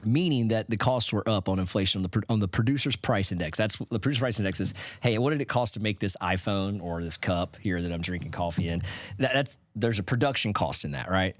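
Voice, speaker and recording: Low-voiced man hosting a finance podcast. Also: fairly quick, no echo, studio quality. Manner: conversational, stumbles and restarts, chuckles at points. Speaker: podcast host. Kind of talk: casual educational monologue.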